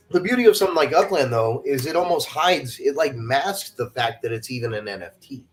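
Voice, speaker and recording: A man's voice: mid-range voice, big pitch swings, normal speed, fairly bright tone. A man hosting a podcast in casual conversation, swearing freely and filling his talk with "you know" and "like". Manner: casual and profane, stacks fillers like "you know" and "like". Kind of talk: casual chat. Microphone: remote call mic.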